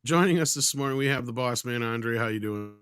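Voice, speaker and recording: A man's voice: mid-range voice, a little fast, a bit bright. A man hosting a casual panel chat, joking easily as he introduces his guests. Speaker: show host.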